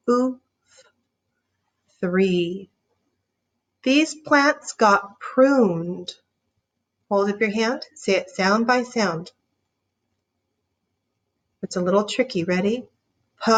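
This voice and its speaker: A woman teaching a reading lesson, sounding out words slowly and encouraging young readers. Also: medium pitch, a bit bright. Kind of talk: slow, clear phonics lesson.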